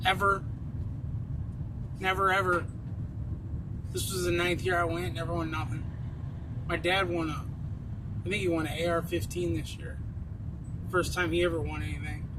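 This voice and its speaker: Casting: high-pitched guy, foul-mouthed rambling rant, heavy road noise. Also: level tone, normal speed, long pauses. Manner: blunt, profane, rambling. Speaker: vlogger. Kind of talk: casual rant while driving. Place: inside a car on the road. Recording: loud road and engine noise.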